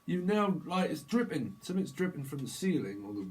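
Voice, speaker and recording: A man's voice: fairly high pitch, sing-song, a little fast, darkish tone, rough recording. A man giving a rambling tarot reading, swearing and laughing as he talks. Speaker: tarot reader. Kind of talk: casual tarot reading monologue.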